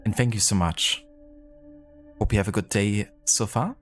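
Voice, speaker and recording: A man's voice: lowish voice, moderate pace, faint music behind. A man streaming a video game live, chatting casually and thanking viewers with many fillers. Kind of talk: casual live-stream chat while gaming.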